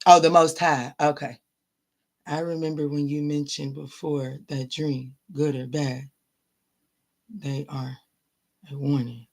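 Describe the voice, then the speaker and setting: A low-pitched woman's voice with a breathy edge belongs to a tarot reader chatting with her live stream viewers. Blunt and foul-mouthed, she calls them baby and honey and repeats lines to drive her points home.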